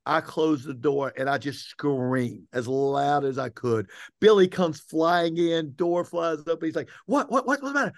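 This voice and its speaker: A man, a soccer coach co-hosting a podcast, telling a lively anecdote in casual chat and laughing often. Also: a little high, takes it slowly, no echo, studio quality.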